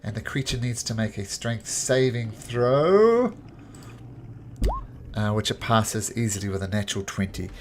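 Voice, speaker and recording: A male game master running a tabletop game. His pitch moves all over as he narrates. His delivery is lively and chuckling. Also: unhurried, slight background noise.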